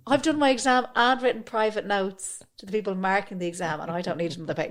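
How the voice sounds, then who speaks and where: An Irish woman in her thirties, co-hosting a podcast in casual chat and telling animated, sweary stories. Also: mid-range voice, fast talker, hardly any pauses. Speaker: podcast co-host.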